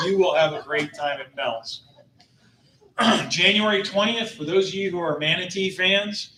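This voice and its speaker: A man's voice: a little high, bright, forceful tone, recorded from a distance, slight background noise. Jokey man presenting in an echoey room. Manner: jokey, upbeat, laughs between announcements. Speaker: tour company host. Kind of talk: casual club presentation. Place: meeting room.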